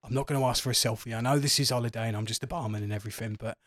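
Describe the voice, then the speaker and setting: A man's voice: mid-range voice, steady tone, racing, a bit bright, dry recording, studio quality, close to an everyday voice. A man playing a chatty, foul-mouthed barman who gossips and swears freely. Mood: apologetic. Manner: swears a lot, gossipy, confiding.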